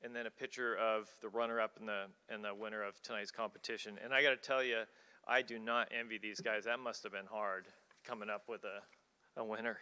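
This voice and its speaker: A man hosts an awards night with casual, self-deprecating thanks. His voice is bright and crisp and carries a long hall reverb. He speaks into a stage microphone in a college auditorium. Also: fairly low pitch, flat delivery, fairly quick. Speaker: event organizer, emcee. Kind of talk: thanks and announcements at an awards ceremony.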